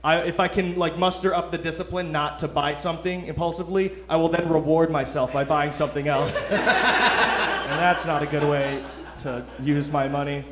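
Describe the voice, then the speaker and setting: A man's voice: fairly high pitch, moderate pace, background noise. A young man from Detroit doing a loose, self-mocking stand-up set, chuckling through his lines. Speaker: stand-up comic. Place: comedy club stage. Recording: roomy club sound.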